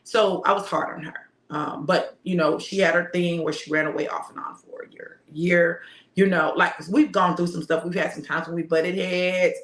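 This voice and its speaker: A woman's voice: lowish voice, little pitch movement, moderate pace. A middle-aged woman who preaches, telling a family story in a casual, heartfelt way and laughing often. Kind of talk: casual motivational talk. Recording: roomy echo.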